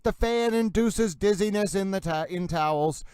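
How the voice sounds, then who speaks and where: Guy hosting a live stream, high smooth voice, over-the-top grand delivery, dry close mic. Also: moderate pace, darkish tone, no echo, poor audio. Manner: theatrical, mock-grandiose. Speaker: livestream host.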